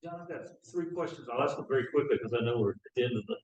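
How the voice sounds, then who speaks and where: A man attending a church class asks his questions quickly and eagerly. He is far from the mic, so his voice comes through distant and roomy, with a lot of room echo. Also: medium pitch, animated, a little mellow, lo-fi sound.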